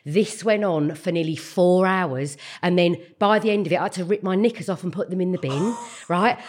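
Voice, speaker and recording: A woman's voice: lowish voice, moderate pace, a little mellow, a little hiss or hum. An Englishwoman in her fifties, a guest telling embarrassing stories bluntly, swearing freely and acting out what other people said. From England. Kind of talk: casual storytelling chat.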